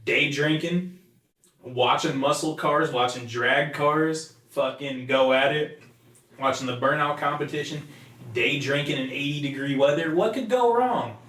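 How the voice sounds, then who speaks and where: A man's voice: medium pitch, fairly even intonation, unhurried, bright, forceful tone. A young man co-hosting a casual podcast, telling rambling, profanity-laced stories. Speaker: podcast co-host. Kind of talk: casual chat. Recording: echoey room.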